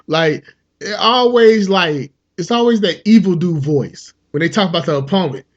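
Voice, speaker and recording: A man hosting a comedy podcast, riffing in an animated, profane monologue. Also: sits high, normal speed, highs cut off. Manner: animated, profane, slips into character voices.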